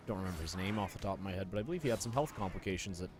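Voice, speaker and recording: Male gaming commentator with a deep voice. Relaxed, self-deprecating play-by-play, with clear music behind him. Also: rapid-fire. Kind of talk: casual gameplay commentary.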